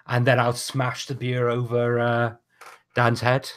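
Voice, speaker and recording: A man talks through his wrestling moves in a tabletop game over a video call. His voice is bright and a little tense. He pauses and stumbles through lots of fillers as he works out the sequence. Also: medium pitch, monotone. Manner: halting, many fillers. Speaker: player.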